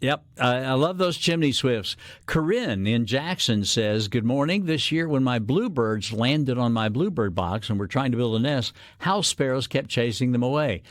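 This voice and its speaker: A man talks on a call-in radio show. He explains things at an unhurried pace, drops in a lot of "uh" fillers, and stays at an average pitch. His voice is close and dry on a studio microphone. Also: no room sound. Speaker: radio guest host.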